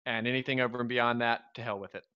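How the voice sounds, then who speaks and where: Bright-voiced wry man, lo-fi stream. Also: mid-range voice, fairly even intonation, very fast, clear, resonant tone. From Southern US. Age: 30s. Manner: wry, rambling, joking. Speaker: live stream co-host. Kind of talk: casual live stream chat.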